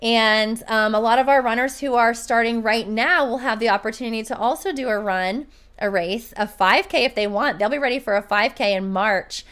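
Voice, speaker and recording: A woman's voice: fairly high pitch, moderate pace, fairly bright tone, smooth. A woman talking as a podcast host and running coach, chatting casually and telling a story in an upbeat way.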